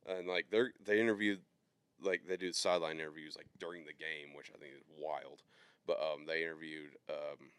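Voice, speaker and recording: A man's voice: a bass voice, steady tone, moderate pace, a bit bright, clean tone, no room sound. A man co-hosting a podcast, chatting casually and loosely about sports bets, with plenty of fillers. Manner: loose, rambling, lots of fillers. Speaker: podcast co-host. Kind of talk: casual sports betting chat.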